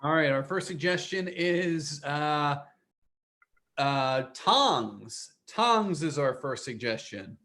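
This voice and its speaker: A man running the tech and reading audience suggestions on a video call, relaxed and teasing. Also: fairly high pitch, slow. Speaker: show tech and suggestion reader. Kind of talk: casual chat on video call.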